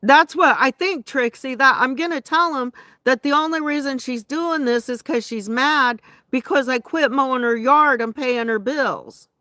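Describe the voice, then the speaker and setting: A woman's voice: high voice, normal speed, pushed and bright, dry recording, studio quality. A woman ranting indignantly to her viewers in a rambling, casual way, often restarting her sentences. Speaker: vlogger. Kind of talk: casual venting rant to viewers.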